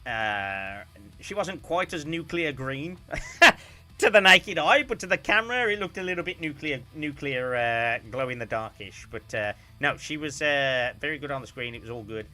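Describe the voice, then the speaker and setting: A man chatting casually on a stream, telling a story with animated bursts of loud, laughing shouts. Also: on the high side, normal speed, soft background music.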